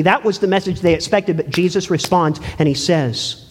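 A man preaching a sermon in a church, earnest and pleading, swinging between loud emphasis and hushed words. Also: sits high, normal speed, slightly rough. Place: church sanctuary. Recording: long hall reverb.

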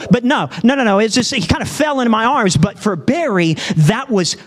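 A man preaching a sermon as an animated storyteller who acts out the dialogue in his story. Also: very high voice, brisk, long reverb tail.

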